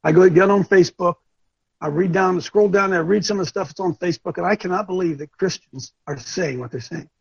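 A man's voice: high-pitched, brisk, creaky, breathy edge, dry recording, lo-fi sound. An older man hosting a talk show, delivering impassioned, preachy commentary and often repeating himself. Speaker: show host.

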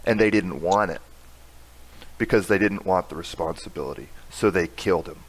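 Male co-host, lowish voice, earnest and plain-spoken. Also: normal speed, breathy edge, rough recording.

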